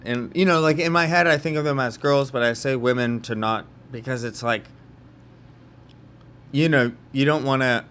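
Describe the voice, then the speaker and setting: A man's voice: mid-range voice, a bit bright. A young man from California telling a story in a casual vlog monologue, rambling, with lots of fillers and restarts. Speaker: vlogger.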